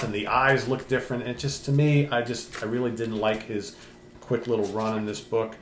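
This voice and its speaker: A man's voice: mid-range voice, fairly even intonation, normal speed, faint music behind. An older man co-hosting a casual chat, talking hesitantly with lots of fillers. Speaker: co-host. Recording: roomy room sound.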